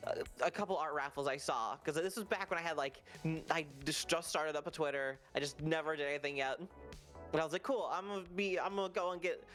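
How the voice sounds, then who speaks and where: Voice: mid-range voice, brisk, a bit bright, soft background music. A guest on a call telling a story casually and rambling, with lots of "like" and quoted asides. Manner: rambling, lots of "like" and self-quoting. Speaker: interview guest.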